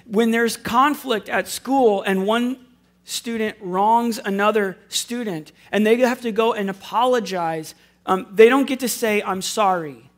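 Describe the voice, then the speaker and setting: A man's voice: sits high, measured pace. Earnest man preaching a sermon. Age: adult with school-age children. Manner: earnest, conversational, with wry self-deprecating asides. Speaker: pastor.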